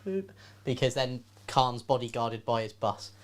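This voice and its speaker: A man's voice: medium pitch, animated, measured pace. A man playing a tabletop wargame, laughing often and narrating his moves in casual chat. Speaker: regular opponent player.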